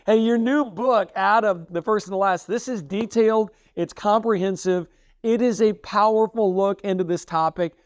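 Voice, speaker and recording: A man's voice: high voice, clear, resonant tone, dry recording, clean studio sound. An enthusiastic man hosting a faith podcast, upbeat and repeating himself for emphasis. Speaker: podcast host.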